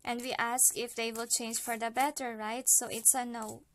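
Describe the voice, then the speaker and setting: A woman from the Philippines talks through a card reading in a relaxed, chatty way. Her voice sits a little high. She leans on fillers and tags her points with a quick "okay?". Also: a little hiss or hum. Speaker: card reader. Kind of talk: casual spoken card reading.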